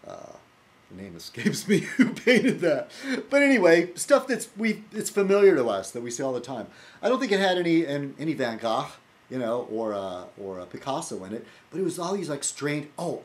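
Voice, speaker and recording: Rambling, lively male video blogger. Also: mid-range voice, slight background noise. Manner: rambling, full of fillers and restarts, wry. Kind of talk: casual rambling monologue.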